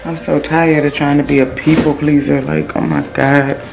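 A woman's voice: sits low, flat delivery, normal speed, gravelly. Woman, Southern Louisiana accent, casual emotional vlogger, handheld phone, outdoors, music bed. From Louisiana, USA. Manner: chatty, emotional, keeps calling viewers "y'all". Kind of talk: casual vlog chat to viewers. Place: outdoors at a rural family property. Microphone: handheld phone camera.

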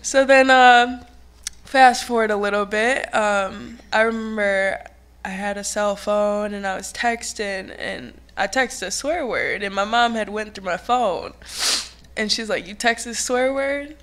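Slow-talking young woman giving a funeral tribute. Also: mid-range voice, smooth. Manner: fond, laughing through memories, softening when serious. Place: church sanctuary.

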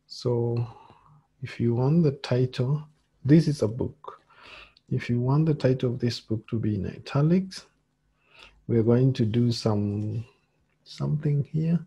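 A male lecturer walks through a screen-share coding tutorial at a slow, halting pace, with lots of fillers. His voice is gravelly and husky, with a dark, mellow tone. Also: medium pitch, dull audio.

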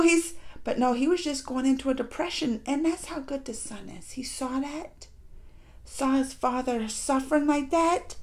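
High-voiced animated woman reviewing a show. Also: normal speed. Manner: animated, breaks into laughs and acted quotes. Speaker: reaction video host. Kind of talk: casual spoken review.

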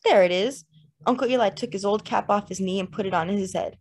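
Woman audiobook narrator, slow lyrical reading, first person story. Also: medium pitch, steady tone. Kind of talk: literary fiction reading.

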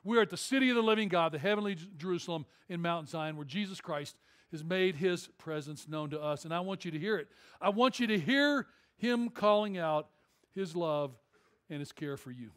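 A male pastor preaching a sermon in a church, telling a story in an animated, conversational way with jokes. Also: on the high side, moderate pace, clean tone. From Detroit area. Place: church auditorium.

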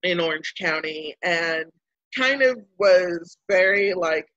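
Taking her time in a lowish voice, this Baltimore guest animatedly recounts a story in a casual interview, performing the quotes of the people involved. The recording is muffled, with no room sound.

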